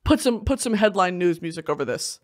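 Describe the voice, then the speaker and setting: Animated, loud young woman host. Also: fairly low pitch, fairly quick, faint music behind. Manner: animated, bursts of shouting and laughter, swears freely. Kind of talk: casual commentary.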